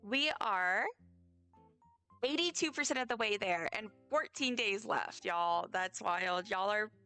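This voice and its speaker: A woman's voice: medium pitch, unhurried, pushed and bright, clear, resonant tone, soft background music. A tired woman live-streaming a game, chatting casually and teasing herself as she rambles along. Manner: chatty, self-deprecating, rambling. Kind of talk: casual chat while playing a game.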